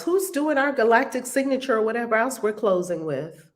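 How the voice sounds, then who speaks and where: A woman's voice: fairly high pitch, expressive, brisk. A woman hosting an online spiritual group, talking in an exuberant, exclamatory way. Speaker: host of spiritual study group. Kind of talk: lively online group call.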